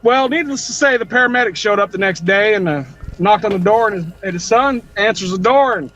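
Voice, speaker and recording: High, bright man telling crude jokes. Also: fairly quick, low-quality recording. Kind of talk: casual group chat.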